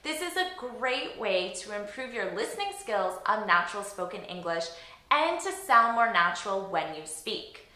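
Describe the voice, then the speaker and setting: A woman English teacher explaining pronunciation, modelling phrases slowly and asking learners to repeat them. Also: medium pitch, very animated, bright, forceful tone, echoey room. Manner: slow, deliberate, modelling phrases for repetition.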